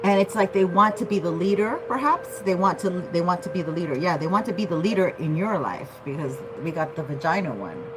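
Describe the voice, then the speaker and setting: A woman's voice: on the low side, expressive, a little fast, few pauses, over music, low-quality recording. A woman giving a casual tarot reading, chatty and loose, often checking in with "okay?". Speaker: tarot reader.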